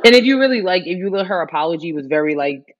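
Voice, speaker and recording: A woman's voice: on the low side, lively intonation, fast. A woman co-hosting a casual podcast, chatting about the news with many restarts and fillers. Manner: chatty, lots of likes and restarts. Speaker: podcast co-host. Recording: dull lo-fi sound.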